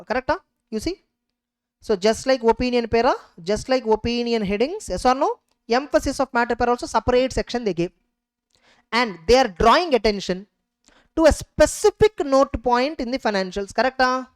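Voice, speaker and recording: A woman's voice: a little high, dry recording. A woman teaching an exam revision lecture, emphatic and constantly checking understanding with rhetorical questions.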